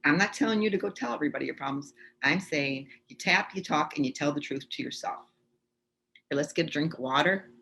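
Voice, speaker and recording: A woman's voice: sits low, brisk, gravelly, fairly bright tone. Chatty woman teaching on a video call. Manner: chatty, reassuring, demonstrating as she talks. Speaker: tapping instructor. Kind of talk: live online workshop teaching.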